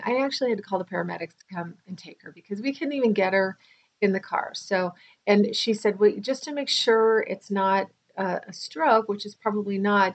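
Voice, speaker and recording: Tired middle-aged woman vlogger, chatty and rambling, gravelly voice, dull lo-fi audio. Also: mid-range voice. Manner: chatty, rambling, with restarts and asides. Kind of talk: casual personal storytelling to camera.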